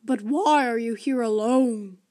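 A woman's voice: fairly high pitch, a little slow, dark tone, close to an everyday voice. A woman doing a solemn little space creature. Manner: solemn, urging. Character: small strange wise creature, calm and insistent. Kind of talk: storybook reading.

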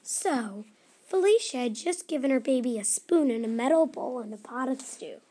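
A woman hosting and narrating a children's story show in an animated, sing-song way. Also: high voice, a little fast. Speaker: storyteller host.

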